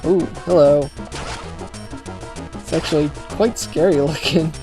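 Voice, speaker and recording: A man's voice: on the high side, moderate pace. Male let's-player, casual and wry, faint game music underneath. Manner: sarcastic, joking asides. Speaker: let's play host. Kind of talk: casual game commentary, reading game text aloud.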